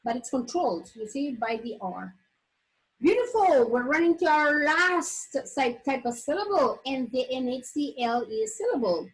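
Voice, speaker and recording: A woman's voice: high-pitched, big pitch swings, normal speed, poor audio. A woman teaching an online English class, explaining patiently with fillers and repeated words.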